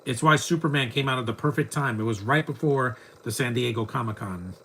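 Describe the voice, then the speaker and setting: A man's voice: mid-range voice, fairly quick, sharp tone, slight background noise. Chatty man riffing on a bad movie. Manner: rambling, chatty, mocking the film. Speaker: movie commentary host. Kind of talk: casual live movie commentary.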